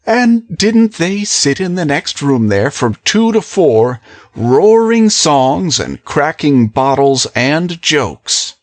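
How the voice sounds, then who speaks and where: A woman puts on a secretive young gentleman who coaxes and urges in a lowered voice for this audiobook. He talks very slowly and evenly, pressing each point. The recording is close and dry. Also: big pitch swings, dry recording, heavily acted. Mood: coaxing. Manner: low, slow, urging delivery. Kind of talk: audiobook character voice.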